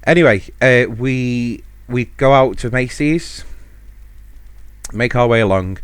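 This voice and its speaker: Recorded with no room sound, a British man speaks slowly and smoothly at a medium pitch. He's hosting a podcast by himself, casually telling a rambling holiday story that pokes fun at himself, with lots of chuckles.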